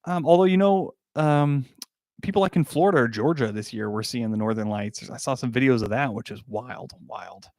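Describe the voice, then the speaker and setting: A man's voice: medium pitch, moderate pace, a little mellow, no echo, studio quality. A young man hosting a casual livestream, reading chat comments and laughing often. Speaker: livestream host answering chat.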